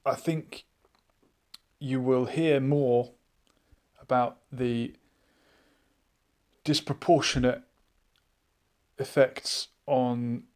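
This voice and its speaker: A man hosting a live online chat show, musing out loud and reading viewers' comments aloud in a casual, thinking-aloud way. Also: medium pitch, steady tone, very slow, pauses often. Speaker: livestream chat host.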